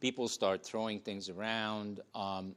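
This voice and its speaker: A man speaking on a studio panel in a casual discussion, animated and laughing between phrases. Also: fairly low pitch, measured pace, clean tone.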